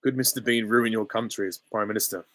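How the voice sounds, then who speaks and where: A man's voice: lowish voice, steady tone, quick pace, fairly bright tone, dry recording. A man hosting a live stream Q and A, chatty, giggly and self-deprecating, on a close desk mic. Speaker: channel host answering viewer questions.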